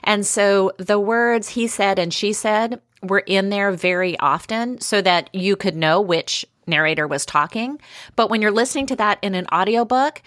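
A middle-aged woman co-hosting a podcast, telling stories in a chatty, animated way with frequent fillers. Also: medium pitch, moderate pace, no echo, studio quality. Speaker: podcast co-host. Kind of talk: casual chat.

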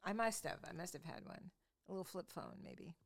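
Chatty middle-aged woman, low voice. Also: lively intonation, fairly quick, gravelly. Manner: chatty storyteller, self-mocking, laughs often. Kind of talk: casual chat.

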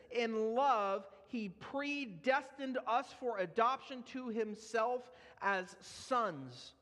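A young man with a high, light voice preaches a sermon, telling a personal testimony in an earnest, storytelling way. His words carry with the long reverb of a large hall. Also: a bit bright. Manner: earnest storytelling, laughs at himself.

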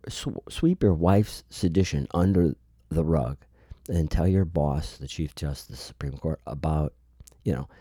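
A man's voice: rumbling low, dark tone, breathy edge, no echo, studio quality. A man giving a solo political commentary, talking sarcastically and emphatically and rambling with frequent restarts.

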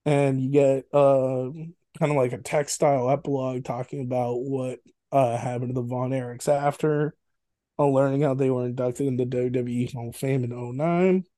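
A man's voice: medium pitch, steady tone, moderate pace, dark tone, no room sound. A man co-hosting a podcast, casually and animatedly retelling a film's scenes, laughing and swearing now and then. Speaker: podcast co-host. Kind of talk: casual film review chat.

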